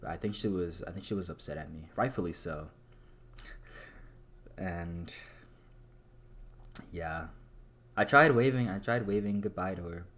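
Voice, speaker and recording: A young man with a very low voice talks through his day in a loose, confessional vlog. He rambles and runs himself down. He swears in passing. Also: a little slow, pauses often, a bit bright. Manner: rambling, self-deprecating, swears casually. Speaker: vlogger. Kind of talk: casual confessional monologue.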